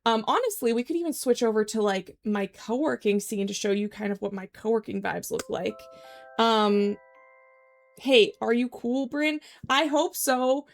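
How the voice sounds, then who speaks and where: Chatty young woman streamer, higher voice. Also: moderate pace, faint music behind. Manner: chatty, rambling, many "like"s. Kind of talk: casual live-stream chat. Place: home room.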